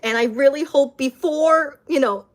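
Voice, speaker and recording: A woman's voice: high-pitched, unhurried. A young woman chatting casually on a live stream, repeating herself, laughing often and reading viewer comments aloud.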